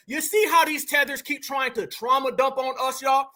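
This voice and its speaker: Male host, sharp and piercing, preachy and scornful, talks to viewers as family. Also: extremely high pitch, steady tone, moderate pace, hardly any pauses. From Georgia, US. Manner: combative, mocking, preachy, addresses viewers as family. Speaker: commentary channel host. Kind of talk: reaction commentary.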